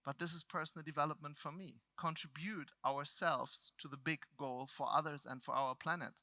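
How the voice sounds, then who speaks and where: Bright-voiced German man telling stage stories. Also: a little high, normal speed, no echo. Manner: animated, swings between loud outbursts and quiet reflection. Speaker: motivational speaker. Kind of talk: live seminar storytelling.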